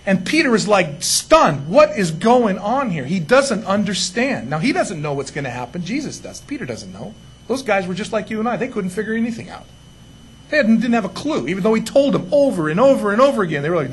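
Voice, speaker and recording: A man's voice: high-pitched, sing-song, fairly quick, slight background noise. A man preaching a sermon in a conversational way, full of asides and rhetorical questions to the congregation. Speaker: pastor.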